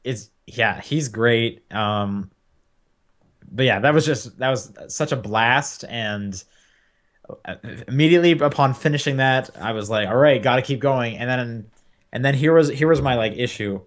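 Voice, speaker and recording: A man's voice: mid-range voice, measured pace. A young man co-hosting a podcast, chatting casually about video games with lots of fillers and restarts. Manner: rambling, many fillers and restarts. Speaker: podcast co-host. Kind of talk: casual game chat.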